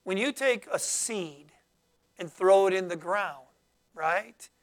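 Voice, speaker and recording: Reading Bible verses aloud and explaining them, a preacher leads a sermon and calls for answers from the congregation. The pitch is medium, and the delivery halts often, with plenty of fillers and restarts.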